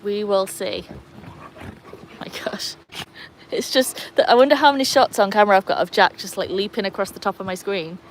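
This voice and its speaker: A woman's voice: mid-range voice, moderate pace, a little hiss or hum. Chatty woman on a live stream. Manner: chatty and rambling, with many fillers. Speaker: live-stream host of a dog channel. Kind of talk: casual live-stream chat. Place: outdoors beside a pool.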